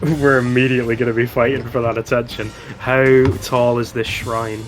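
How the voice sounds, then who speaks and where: A man playing a tabletop game, unhurried and jokey as he describes his character's antics. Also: mid-range voice, flat delivery, music in the background. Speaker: player. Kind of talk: tabletop game play, casual.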